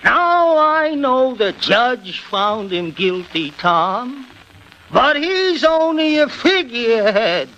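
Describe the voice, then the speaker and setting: Pleading older lawyer, very slow and high, big swoops, faint hiss on a dull old radio recording. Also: male voice, big pitch swings, sharp tone, full character voice. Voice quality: swings between high and low register in a halting rhythm. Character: older attorney pleading passionately with a governor.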